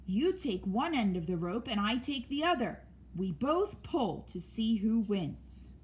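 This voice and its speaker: Squeaky eager little girl mouse, woman putting it on, high and bouncy. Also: big pitch swings, measured pace, darkish tone. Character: small brave fair-minded female mouse.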